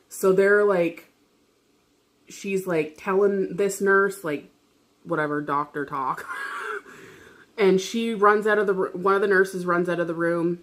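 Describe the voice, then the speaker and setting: Woman vlogger, low-ish voice, loose rambling story-time delivery, frequent swearing and laughter. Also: fairly even intonation, slow, long pauses. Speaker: vlogger telling a personal story. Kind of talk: casual story-time chat.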